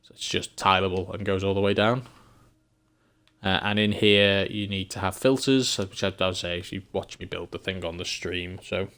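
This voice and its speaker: Deep-voiced English man streaming. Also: fairly even intonation, normal speed, fairly bright tone, smooth. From England. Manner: rambling, thinks aloud, chuckles often. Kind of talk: casual live-stream game commentary.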